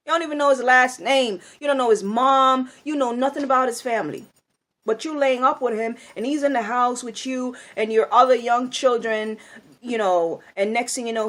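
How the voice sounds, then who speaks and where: A woman's voice: a little high, a bit bright. A woman speaking in a blunt, scolding monologue, angry and firing off rhetorical questions. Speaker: video commentator.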